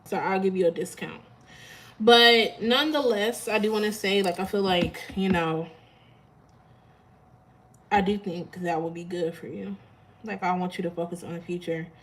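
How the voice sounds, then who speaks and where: A woman's voice: fairly low pitch, moderate pace, long pauses, slight background noise, rough recording. Chatty woman tarot reader, live stream. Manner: chatty and laughing often, talks straight to viewers. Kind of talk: casual live-stream chat.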